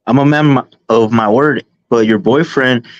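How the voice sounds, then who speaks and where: A man's voice: mid-range voice, normal speed, no room sound. A man hosting a heated boxing panel chat, arguing back, repeating himself and restarting sentences. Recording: dull lo-fi call audio.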